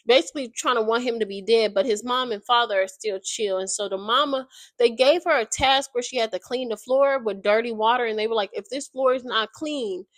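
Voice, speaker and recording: Brief: woman creator, casual slangy book recap, highish voice, dry close sound. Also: dry recording. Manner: slangy, animated retelling. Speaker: video creator.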